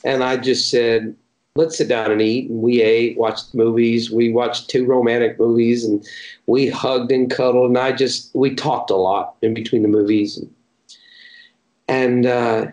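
A man's voice: medium pitch, steady tone, a little slow, a little mellow. A middle-aged man from Tennessee, a missionary telling stories in a folksy, chatty interview manner and often restarting his phrases. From Chattanooga, Tennessee, USA. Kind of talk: casual interview storytelling. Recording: roomy echo.

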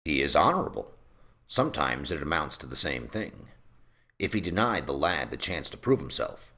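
A man playing a smooth, scheming middle-aged lord in a fan audiobook reading. He speaks calmly and persuasively, his voice very deep with a gravelly edge and bright, sharp tone. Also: heavily acted. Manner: calm, measured and persuasive.

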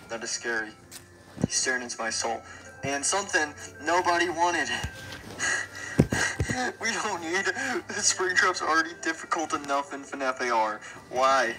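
A man's voice: medium pitch, rough recording. A young man hosting a casual gaming video, rambling and joking with lots of fillers. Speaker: gaming YouTuber. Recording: background music.

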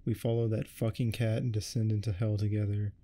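A man voicing a sarcastic, foul-mouthed teen girl in a soft-spoken ASMR reading. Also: fairly low pitch, little pitch movement, brisk, lightly acted. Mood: determined. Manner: scornful, profane.

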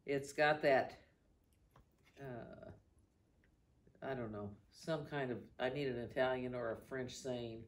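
Woman, low voice, relaxed church cooking-show co-host, eats and talks, light hum of noise. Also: slow pace, long pauses. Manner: relaxed, savoring, hums with her mouth full. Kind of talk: casual chat while tasting food.

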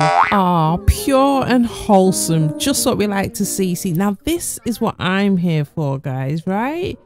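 A woman's voice: medium pitch, sing-song, slow, few pauses. Brief: woman, gaming channel host, chatty and amused, faint music under her. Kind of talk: gameplay commentary.

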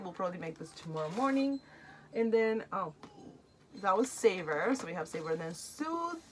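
A woman's voice: medium pitch, a bit bright. Chatty emotional woman from Argentina. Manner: chatty and emotional, reads product cards aloud. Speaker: unboxing vlogger. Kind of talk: casual unboxing chat.

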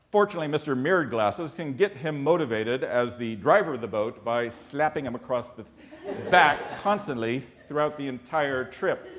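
An American man telling a comic expedition story on stage, animated and wry, with comic pauses. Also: mid-range voice. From United States.

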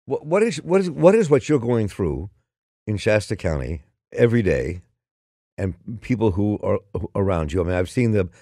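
A man hosting an interview, asking questions in a halting way with frequent restarts. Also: fairly low pitch, sing-song, mellow, dry recording, clean studio sound. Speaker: interview host. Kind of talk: conversational interview.

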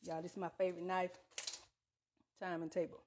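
A woman's voice: lowish voice, little pitch movement, fairly quick. A woman chatting to viewers while cooking in her home kitchen, on a lapel mic. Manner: chatty, addresses viewers as y'all, Southern US Black vernacular. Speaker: home cook livestreaming. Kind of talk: casual cooking livestream. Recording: loud background noise, kitchen clatter.

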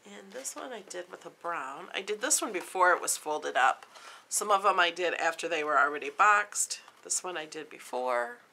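A woman's voice: fairly low pitch, expressive, moderate pace, gravelly, pushed and bright. A woman craft vlogger casually showing off her handmade gift boxes in a chatty, homey way. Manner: chatty, plain and homey, pointing things out. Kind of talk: casual craft show-and-tell.

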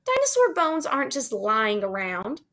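A woman's voice: sits high, wildly swooping pitch, normal speed, a bit bright, pitched above the performer's own voice, full character voice. A woman reading aloud, voicing a prim, skeptical young schoolgirl in a storybook. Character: bossy know-it-all young schoolgirl.

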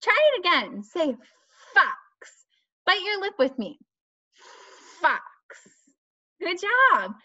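A woman teaching young children, asking questions in a slow, sing-song way and stressing key words. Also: very high-pitched, huge pitch swings, pushed and bright. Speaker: children's speech and language teacher. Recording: dull lo-fi dry recording.

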